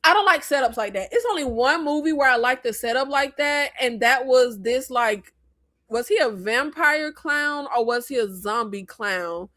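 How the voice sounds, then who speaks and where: An American woman hosting a casual movie review chat, blunt and animated, with rambling asides. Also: high-pitched, moderate pace. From United States. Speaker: host.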